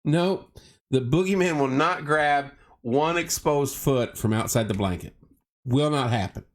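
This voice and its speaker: A man's voice: fairly high pitch, measured pace. A tired man hosting a casual late-night livestream, joking around and reading viewer comments aloud. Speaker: livestream host.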